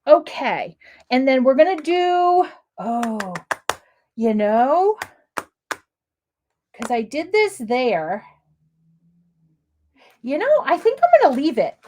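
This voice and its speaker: Excitable middle-aged american woman doing a craft livestream, high voice that swoops all over, laughs a lot. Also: takes it slowly, pauses often, noisy background. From United States. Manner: bubbly, excitable, laughs often, talks to chat viewers. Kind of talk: chatty live crafting demo.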